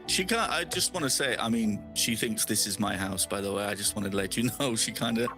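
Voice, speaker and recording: A man's voice: on the low side, brisk, music in the background. A man speaking in character during a tabletop role-playing game, often laughing and hesitating mid-sentence. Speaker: player.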